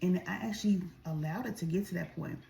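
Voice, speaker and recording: A woman's voice: lowish voice, fast, creaky, warm tone, slight background noise. A woman vlogger telling a story in a chatty, casual way while she eats, speaking straight to her viewers. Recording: echoey room.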